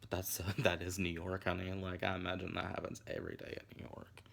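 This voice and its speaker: Low, gravelly young man ranting casually. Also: completely flat delivery, fast talker, fairly bright tone. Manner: crude, campy, profane asides. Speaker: vlogger. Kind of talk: casual rambling commentary.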